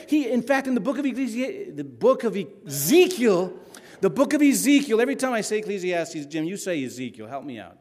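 A man preaching a sermon dramatically, dropping to a hush and then rising loud, and arguing with imagined listeners. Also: high-pitched, very animated, a little fast. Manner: dramatic, swings between hushed and loud. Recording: long hall reverb.

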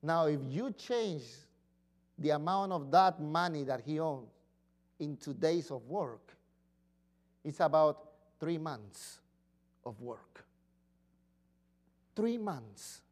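Male pastor, lively sermon delivery, acts out pleas in voices, wide pitch swings. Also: takes it slowly, pauses often.

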